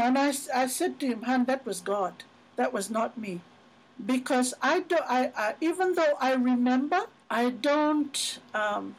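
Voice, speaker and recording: A middle-aged woman with a fairly high voice speaks as a podcast guest. She tells faith stories in a loose, chatty way and leans on "you know" as she goes. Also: rough recording. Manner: chatty storyteller, many "you know" fillers. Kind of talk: casual faith conversation.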